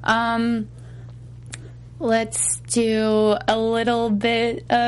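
A woman singer being interviewed in casual chat, hesitant, pausing with fillers and laughing easily. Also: medium pitch. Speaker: singer guest.

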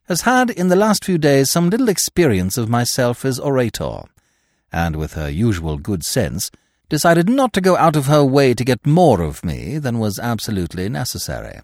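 A talkative young Englishman in a storybook, full of ornate, pompous turns of phrase and dry whimsy, as a male narrator voices him. His pitch rises and falls freely, and the recording is dry and close. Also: sing-song, normal speed, darkish tone, no echo. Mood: genial. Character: verbose, urbane young Englishman, drily whimsical.

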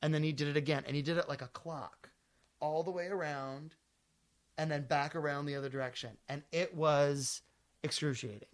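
Male podcast co-host, a little high-pitched, teasing and crude, an animated storyteller. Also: moderate pace. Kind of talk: casual comedic chat.

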